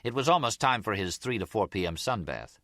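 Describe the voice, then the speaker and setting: A man's voice: lowish voice, very animated, a little fast, fairly bright tone, dry recording, studio quality. A man reading a crime novel aloud as audiobook narrator. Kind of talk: scripted narration.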